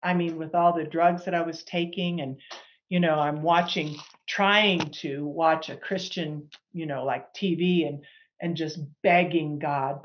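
Middle-aged woman, low voice, personal testimony, animated storytelling, slightly muffled lo-fi sound. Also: measured pace. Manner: animated, acts out quoted dialogue. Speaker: guest sharing a healing testimony.

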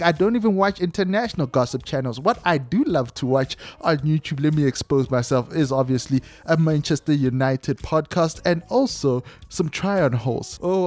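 A man's voice: on the high side, no room sound. A man hosting entertainment news with casual, chatty commentary, reading out posts and adding his own asides. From South Africa. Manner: chatty, animated, reads tweets aloud with asides.

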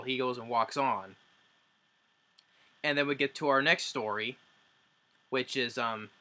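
A man's voice: mid-range voice, sharp tone. A man casually recapping a film's plot for his review channel, rambling and often restarting his sentences. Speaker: movie reviewer.

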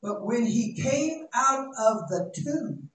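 Male pastor, high-voiced, dramatic and folksy, heard from far in a big echoing sanctuary. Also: expressive, slow pace. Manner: dramatic, shouting at peaks, folksy asides. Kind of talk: sermon. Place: church sanctuary. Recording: echoey church, distant mic, faint noise.

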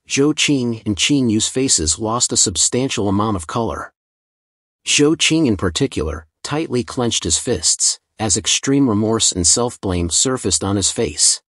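A man narrating a fantasy story recap in a measured, scripted reading. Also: fairly low pitch, expressive, fairly bright tone, dry recording, studio quality.

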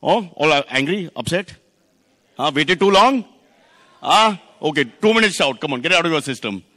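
A man with an Indian English accent hosting a car launch, teasing the audience and guests with quick jokes and bits of Hindi. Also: on the high side, expressive, sharp tone. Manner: teasing, wisecracking, mixes in Hindi. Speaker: host of a car launch event. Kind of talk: joking emcee banter with the audience. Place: indoor launch event venue with live audience. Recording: reverberant event hall.

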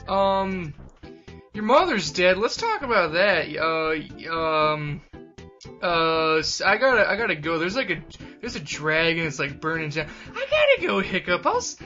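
A man voicing a gruff, blunt Viking father who blusters loudly and awkwardly. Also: high voice, very animated, a little slow, muffled recording, soft background music, exaggerated voice. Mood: flustered.

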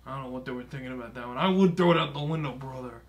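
A man's voice: mid-range voice, racing, dull audio, lightly acted. A man doing a brash aging wrestler. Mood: grumbling. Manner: tacks brother or dude onto nearly every phrase; swears often and chuckles between lines. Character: boastful broke aging male pro wrestler. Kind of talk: comedic gameplay commentary impression.

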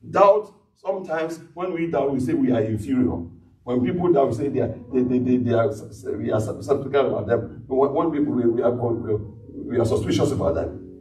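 Animated preacher in an echoey church. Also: male voice, fairly high pitch. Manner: animated preaching, retelling scripture in character voices, frequent hallelujahs. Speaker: pastor. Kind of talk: sermon. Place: church sanctuary. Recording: echoey church hall, miked from a distance.

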